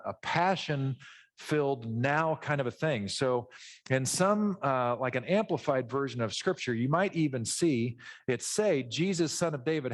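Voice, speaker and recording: A middle-aged pastor with a medium-pitched voice delivers a conversational, animated sermon. He teaches from a Bible passage and acts out voices in asides.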